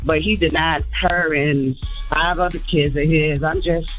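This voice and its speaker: A woman calling in to a radio show, talking haltingly with many fillers. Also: deep voice, steady tone, a bit bright, soft background music, rough recording. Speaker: caller. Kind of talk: phone-in call.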